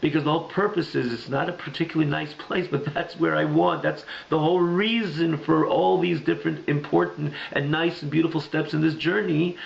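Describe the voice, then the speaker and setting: A man giving a Torah class, telling a parable with halting, repetitive restarts. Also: on the high side, creaky. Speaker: Jewish teacher. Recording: echoey room, dull lo-fi sound.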